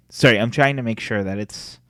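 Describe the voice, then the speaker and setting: A young man in casual podcast chat, animated and opinionated, swearing casually. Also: fairly low pitch, no echo. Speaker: podcast co-host.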